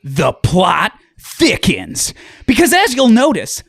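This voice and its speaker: Jokey woman narrator, high and bouncy, comic asides. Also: huge pitch swings, normal speed. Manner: chatty, jokey, rambling asides. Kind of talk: comic audio-drama narration.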